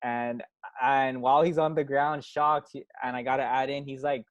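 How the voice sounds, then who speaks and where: A man telling a story in casual conversation, relaxed and laughing through it. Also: medium pitch, normal speed, no echo, muffled recording. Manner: laid-back, laughs through his stories. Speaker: podcast guest.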